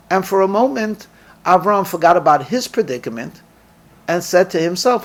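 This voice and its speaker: Rabbi guy telling a story, kinda high voice, does little voices for the people in it. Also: normal speed. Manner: lively storyteller, acts out dialogue. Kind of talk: storytelling sermon.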